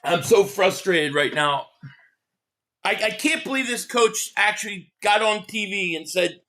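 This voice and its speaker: Philly guy ranting at his team on a live stream, high-pitched, stammers a lot. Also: a little slow. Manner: frustrated, rants and shouts at plays, stammers. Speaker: live stream host reacting to a football game. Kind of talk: live game reaction stream.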